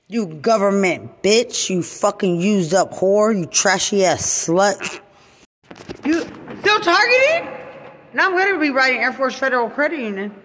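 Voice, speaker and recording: A woman in an angry unscripted rant, profane and repetitive, swinging from loud outbursts to low muttering. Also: big-room sound. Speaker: mother venting to camera.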